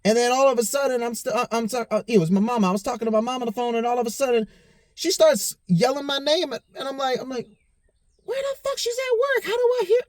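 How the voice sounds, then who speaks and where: With a very high-pitched voice and a fast pace, a podcast host who's had a few drinks tells a rambling personal story. Profanity and "you know what I'm saying" come up again and again, and the audio has no echo.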